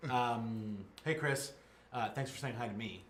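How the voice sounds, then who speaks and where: A man's voice: medium pitch, unhurried. A man co-hosting a casual comics chat show, rambling through plot summaries with lots of fillers and restarts. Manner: rambling, many fillers and restarts, acts out quotes. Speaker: podcast co-host. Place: game store. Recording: echoey room.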